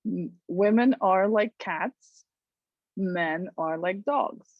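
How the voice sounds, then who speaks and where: A woman hosting a talk show, chatting casually and telling stories with lively acted-out voices. Her pitch sits in the middle range for a woman. The sound is dry and dead, with a slightly muffled top end. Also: slow, dry recording. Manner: animated storyteller who acts out voices. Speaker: host.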